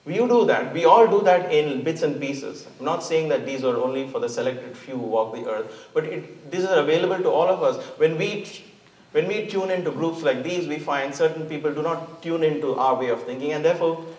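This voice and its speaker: A man's voice: fairly high pitch, brisk, darkish tone. Earnest man speaking in an echoey hall. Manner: earnest, emphatic, repeats words. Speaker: guest speaker. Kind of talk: inspirational spiritual talk. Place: church hall. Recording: echoey hall, mic at a distance.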